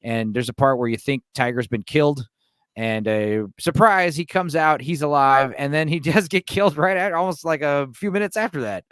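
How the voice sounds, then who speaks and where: A man's voice: on the high side, moderate pace, a bit bright, smooth, no room sound. A man talking casually as a guest on a film chat show, rambling with plenty of "like" and "you know".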